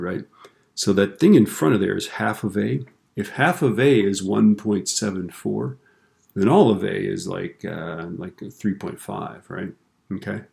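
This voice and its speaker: A man teaching a screen-recorded software lesson in a relaxed way, tossing in corny jokes and tag questions, recorded at a computer. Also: deep voice, creaky.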